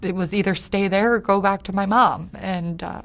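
This interview guest has a creaky, medium-pitched voice with a steady tone. She relates a personal story haltingly, full of fillers, going quiet at painful points and rising with anger.

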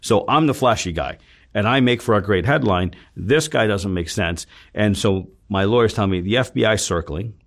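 A man's voice: lowish voice, moderate pace. A man telling his story as a guest in an interview, acting out what others said and swearing freely, getting emphatic when worked up. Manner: retells scenes with quoted dialogue, swears freely; intense, emphatic when upset.

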